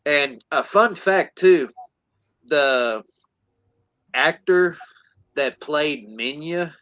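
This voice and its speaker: A man's voice: fairly high pitch, lively intonation, very slow, fairly bright tone, highs cut off. A man co-hosting a podcast, casually retelling a film's plot and acting out the characters in silly voices. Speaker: podcast co-host.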